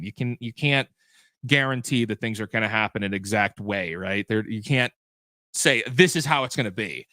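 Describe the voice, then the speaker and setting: A man's voice: medium pitch, sharp tone, no room sound. A man hosting a livestream post-show as game master, chatting loosely and correcting himself as he answers viewer questions.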